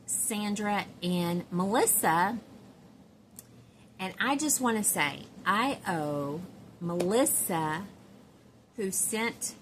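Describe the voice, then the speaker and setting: A woman's voice: mid-range voice, a bit bright, slight background noise. A middle-aged woman with a Southern US accent, chatting casually to camera in a rambling, giggly way with lots of fillers. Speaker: doll collector vlogger.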